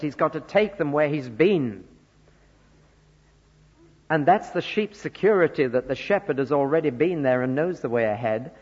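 A man from northern England preaching a sermon, earnest, moving between soft asides and loud emphasis. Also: a little high. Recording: dull lo-fi recording with long church reverb.

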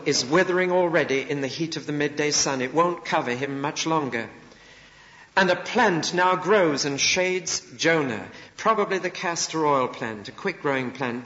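A man preaching a sermon, retelling the story vividly and varying his emphasis as he goes. His voice sits fairly high for a man. The sound is dull and lo-fi, with a long hall reverb. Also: a bit bright. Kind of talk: expository sermon.

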